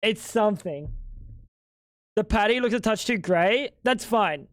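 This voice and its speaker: A man's voice: sits high, animated, measured pace, a bit bright, no echo, clean studio sound. A young man streaming live at home, bantering with chat in a crude, joking way. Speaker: livestreamer.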